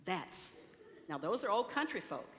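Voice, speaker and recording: A woman's voice: medium pitch, big pitch swings, measured pace. Woman preaching in a reverberant church. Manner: conversational preaching with rhetorical questions and acted-out quotes. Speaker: speaker at a church service. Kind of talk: sermon. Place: large church sanctuary. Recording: reverberant hall, faint room noise.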